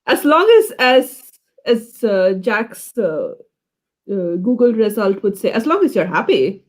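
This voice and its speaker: A woman's voice: mid-range voice, sing-song, unhurried. A woman comedian from India, talking frankly and giggling often. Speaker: comedian guest.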